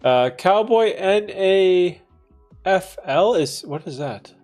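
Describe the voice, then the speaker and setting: A young man from Canada hosting a casual livestream, reading chat and joking, laid-back with loud bursts of laughter and swearing. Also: high-pitched, animated, slow pace, faint music behind. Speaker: livestream host answering chat.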